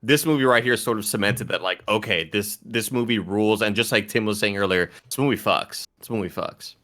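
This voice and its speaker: A man with a slightly low but bright, forceful voice talks about a film in casual podcast chat. He gushes with enthusiasm and fills his speech with "like.". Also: fairly quick. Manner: enthusiastic, gushing, many "like" fillers. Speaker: podcast co-host.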